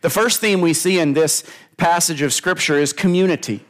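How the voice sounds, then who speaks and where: A male pastor preaching a sermon, deliberate and emphatic, repeating key phrases and putting questions to the congregation. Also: a little high.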